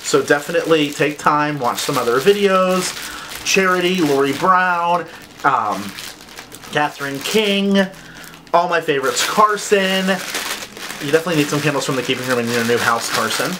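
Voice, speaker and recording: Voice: medium pitch, moderate pace, background noise. A vlogger chatting casually during an unboxing, with lots of "like" fillers. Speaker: vlogger reviewing candle scents.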